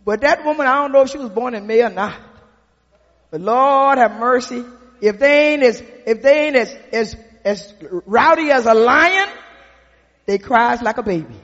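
A man preaching a sermon in a church. He speaks with folksy repetition that builds to shouted emphasis. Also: very high voice. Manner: folksy, drawn-out delivery with repetition. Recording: dull recording with long hall reverb.

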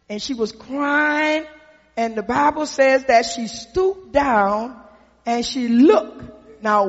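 A man preaching a sermon in a church. He speaks with folksy repetition that builds to shouted emphasis. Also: very high voice. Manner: folksy, drawn-out delivery with repetition. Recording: dull recording with long hall reverb.

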